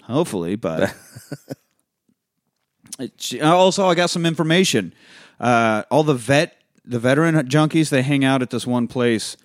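A man in casual podcast chat, recapping a film with lots of energy and cursing as he goes. He acts out the characters' lines in quick bursts. His voice sits in a middle range and sounds close and dry, with no room around it. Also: medium pitch, no echo. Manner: animated, acts out characters' lines while retelling, swears a lot. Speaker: podcast co-host.

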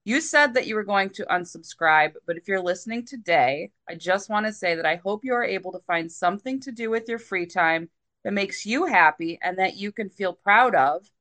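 A woman's voice: medium pitch, lively intonation, normal speed, fairly bright tone. Giggly woman podcast co-host. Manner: giggly, breaks into laughter often. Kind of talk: casual podcast chat.

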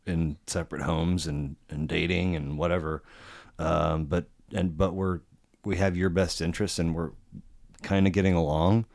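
A man's voice: sits low, darkish tone. A man in his forties hosting a podcast, easygoing and conversational, often chiming in with short agreements. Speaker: podcast host. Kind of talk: casual conversation.

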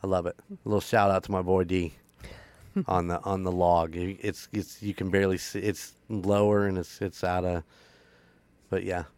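A man's voice: low-pitched, level tone, normal speed, darkish tone, no room sound. A man hosting a paranormal podcast, wrapping up in a rambling, upbeat way with frequent laughs. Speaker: podcast host. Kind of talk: casual podcast outro chat.

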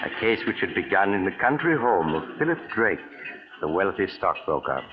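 An actor playing a sinister mysterious traveler who narrates a 1940s radio drama in slow, ominous tones, heard on a tinny old broadcast. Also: male voice, low-pitched, big pitch swings. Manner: slow, ominous, teasing delivery.

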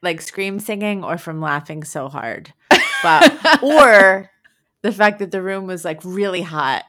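A woman co-hosting a podcast in casual chat, a little raspy, talking with lots of fillers and laughter. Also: medium pitch, animated, unhurried, fairly bright tone. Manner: chatty, laughs often, many fillers. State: slightly raspy from singing. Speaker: podcast co-host.

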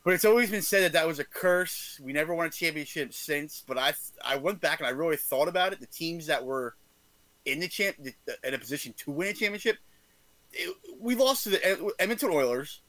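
A man's voice: a little high, fairly quick, no echo, low-quality recording. A man co-hosting a casual sports podcast, rambling and correcting himself as he recalls old games. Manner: animated, rambling, self-correcting. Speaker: podcast co-host.

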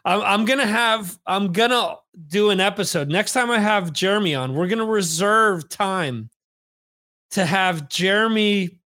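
A man's voice: high voice, unhurried, bright, forceful tone. A man hosting a podcast, chatting casually and reading viewer comments aloud. He rambles and jokes, often stopping to correct himself. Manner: rambling, joking, frequent self-corrections. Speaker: podcast host.

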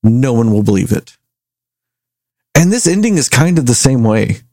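A man casually reviewing a movie, rambling and animated as he retells scenes. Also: mid-range voice, normal speed, no echo. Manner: rambling, animated storytelling with acted quotes. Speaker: movie review podcast host.

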